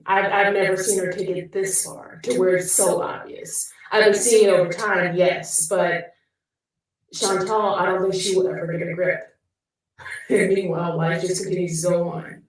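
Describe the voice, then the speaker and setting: A woman's voice: fairly low pitch, flat delivery, normal speed. Woman vlogger, hesitant and rambling, distant echoey sound. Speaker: YouTuber in a played clip. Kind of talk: casual vlog commentary.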